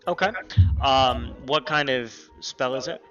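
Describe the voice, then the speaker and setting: Bright-voiced man running a tabletop game. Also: medium pitch, unhurried. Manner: relaxed, hesitant with many ums. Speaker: game master. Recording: slightly dull lo-fi audio with faint music.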